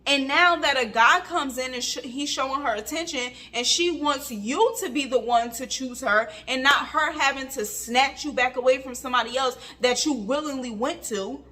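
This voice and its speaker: A woman's voice: high voice, moderate pace, few pauses, bright, forceful tone. A woman giving a casual vlog review of a reality TV episode, chatty and emphatic, with lots of filler words.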